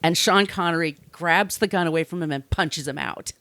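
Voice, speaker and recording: A woman podcast host telling a true-crime story in casual chat, sardonic and quick to laugh. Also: fairly low pitch, fairly bright tone, no room sound. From Long Island, New York. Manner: chatty, sardonic, laughs often, slips into put-on voices.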